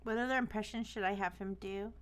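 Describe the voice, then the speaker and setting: A woman's voice: mid-range voice, steady tone, quick pace. A young woman streamer chatting casually, with a lot of "like" fillers. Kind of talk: casual chat.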